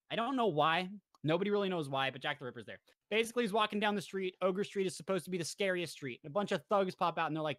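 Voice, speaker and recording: A young man casually recapping a show for his co-hosts, rambling and jokey, slipping into quick character voices. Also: fairly high pitch, animated, a bit bright, no room sound. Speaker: podcast host presenting slides.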